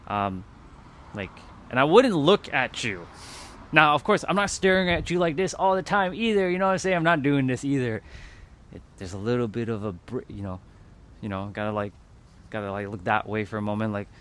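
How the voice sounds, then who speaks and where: A man's voice: mid-range voice, animated, fairly quick, fairly bright tone, slight background noise. A man hosting a livestream, talking to his chat in a loose, rambling way, with lots of fillers and casual swearing. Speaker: livestream host.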